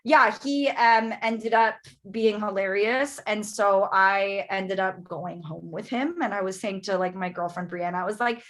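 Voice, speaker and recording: A woman's voice: mid-range voice, measured pace, few pauses, fairly bright tone. A young woman from Canada, chatting casually as a podcast guest, with lots of fillers and acted-out quotes.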